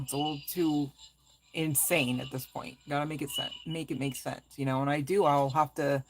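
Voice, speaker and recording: A woman's voice: low voice, slight background noise. A woman tarot reader chatting casually on a live stream, affectionate with viewers and laughing often as she talks. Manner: laughs often mid-sentence.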